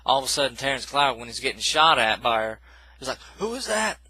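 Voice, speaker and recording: A man's voice: medium pitch, fairly even intonation, fast, sharp tone, slightly rough, dry recording, low-quality recording. A man casually recapping a film plot in a rambling, self-correcting way, with dismissive asides. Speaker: movie reviewer.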